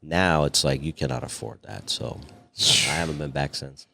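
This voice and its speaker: Very deep-voiced man telling a story. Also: normal speed, gravelly. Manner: animated, profane storyteller acting out voices. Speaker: podcast guest, cigar company owner. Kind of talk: casual storytelling chat.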